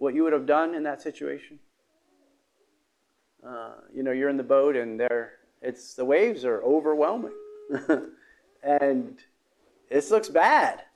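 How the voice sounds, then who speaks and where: A man preaching a sermon, halting, with many fillers and restarts, often clearing his throat. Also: medium pitch, darkish tone.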